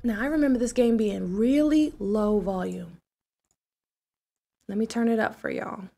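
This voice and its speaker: A woman game streamer chatting casually and excitedly with her live chat while setting up a game. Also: fairly high pitch, a little slow, vocal fry, soft background music.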